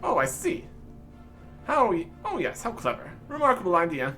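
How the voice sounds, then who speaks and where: A man's voice: high-pitched, wildly swooping pitch, moderate pace, sharp tone, faint music behind, heavily acted. Man as a pompous bearded old dwarf, plummy old-fashioned posh diction, sing-song delivery. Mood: jolly.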